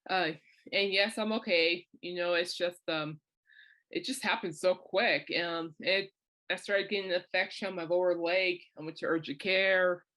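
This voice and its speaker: Woman podcast host, middle-aged, casual storytelling, frequent laughs, low-ish voice. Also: steady tone, moderate pace, a bit bright. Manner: chatty, laughs often, acts out quoted people.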